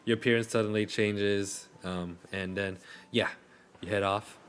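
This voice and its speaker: Low-voiced man narrating as game master. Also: fairly even intonation, unhurried, a little hiss or hum. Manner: hesitant, many fillers and restarts.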